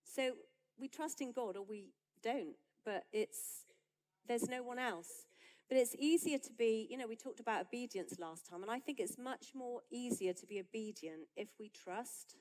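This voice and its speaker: A woman pastor, preaching a sermon in a conversational, lively way that builds to emphatic peaks. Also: a little high, normal speed, low-quality recording.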